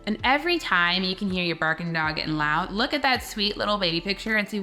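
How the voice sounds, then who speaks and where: A woman spiritual coach giving a gentle guided teaching talk, speaking softly and slowly with soothing, repeated phrases. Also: mid-range voice, expressive, soft background music.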